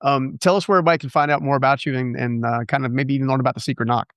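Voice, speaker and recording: A man's voice: medium pitch, steady tone, racing, a bit bright, clear, resonant tone, no echo. Male interview host, dry sound. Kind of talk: casual interview.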